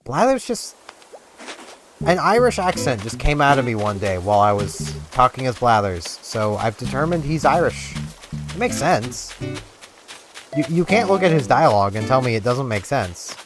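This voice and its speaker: A man's voice: mid-range voice, sing-song, moderate pace. A man rambling casually while playing a video game, chatty and self-deprecating, with game music behind him. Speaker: gaming vlogger. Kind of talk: casual gameplay commentary.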